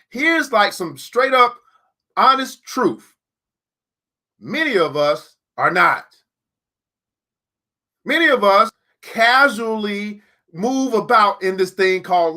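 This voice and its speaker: Motivational teacher, male; high, bright voice; emphatic preacher-style delivery with slow repeated lines. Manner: addresses listeners directly as beautiful people. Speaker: teacher and book club host.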